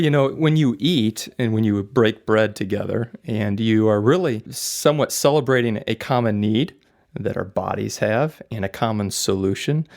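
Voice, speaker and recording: Man, gravelly voice, podcast host, reflective, casual faith talk. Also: mid-range voice, darkish tone.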